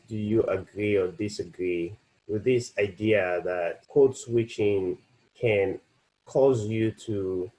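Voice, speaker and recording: A man moderating a panel on a video call, asking a question in a halting, hesitant way with many fillers. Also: lowish voice, mellow, poor audio.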